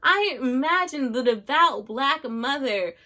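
A young woman in her twenties with a slightly high voice talks to camera about a book she loves. She gushes and leans hard on her points, speaking straight to her viewers in a loose, chatty vlog style. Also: animated, slow pace, bright, forceful tone. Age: 20s. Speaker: book vlogger. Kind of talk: casual book review chat.

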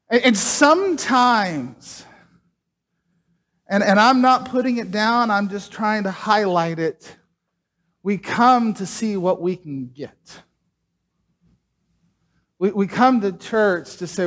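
A man's voice: sits high, animated, slow pace, long pauses, a bit bright. A man preaching a casual sermon, chatting and joking with the congregation while doing a trick.

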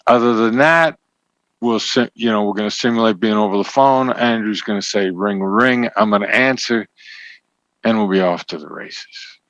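Low-voiced man explaining deliberately, dry sound. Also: a bit bright, dry recording. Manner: measured, emphatic, teaching tone. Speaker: interview guest, negotiation expert. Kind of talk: conversational interview explanation. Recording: dull, slightly lo-fi sound.

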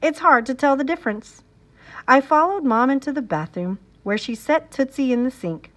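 Expressive woman reading a children's book. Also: high-pitched, normal speed. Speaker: reader. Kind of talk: reading a children's novel aloud.

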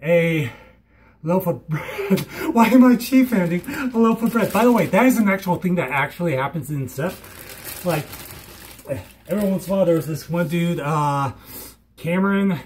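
A young man rambling in a hyper, giddy vlog monologue, swinging between squeals and low mutters. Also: lively intonation, moderate pace, darkish tone, slight background noise. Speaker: vlogger.

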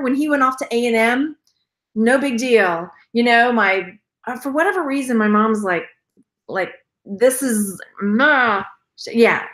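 Chatty Texan woman in an echoey room. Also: a little high. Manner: chatty, rambling, laughs often, acts out quoted voices. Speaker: reseller vlogger. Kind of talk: casual live-stream chat.

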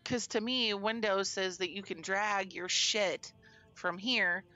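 A woman's voice: medium pitch, steady tone, takes it slowly, sharp tone. A woman streamer fighting with her display settings during a live game stream, swearing and sighing in frustration. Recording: dull lo-fi stream audio with faint music.

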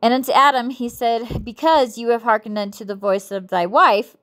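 A woman's voice: a little high, fairly even intonation, moderate pace, a bit bright. A woman reading scripture and a devotional book aloud, with frequent self-corrections and playful, giggly asides.

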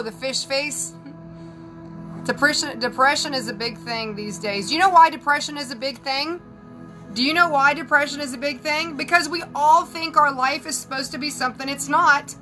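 A high-pitched woman from the Southern United States, who works as a psychic and spiritual advisor, chats candidly with her live-stream viewers as she gets her hair and makeup done. The audio quality is rough.

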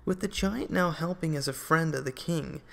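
A man reading a children's story aloud in a measured storytelling manner. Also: on the high side, creaky, heavy background noise. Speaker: audiobook narrator.

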